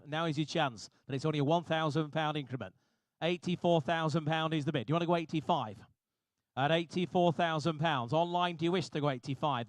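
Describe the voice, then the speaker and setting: A man working as an auctioneer, calling bids briskly and repetitively with jokey asides to the room. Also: on the high side, dry recording. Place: auction hall.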